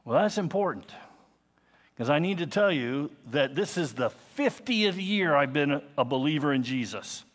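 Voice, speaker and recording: A man's voice: on the high side, animated, measured pace. A man in his fifties preaching a sermon as pastor, earnest and conversational, with personal asides. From United States. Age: 50s.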